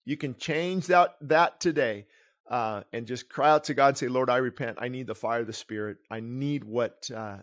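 Earnest middle-aged man preaching. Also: mid-range voice. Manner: earnest, digressive, repeats and restarts while preaching. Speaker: pastor. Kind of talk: sermon reading of his book with commentary.

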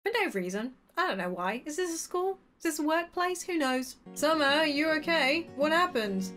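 A woman's voice: sits high, animated, normal speed, fairly bright tone, faint music behind. A woman host giving reaction commentary, exclaiming in amazement.

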